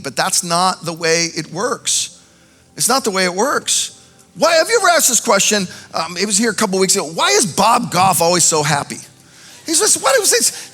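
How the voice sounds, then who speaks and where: A male pastor preaching a sermon, animated, swinging between loud exhortation and quiet, intimate moments. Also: a little high. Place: large church auditorium. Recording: music faintly under a long hall reverb.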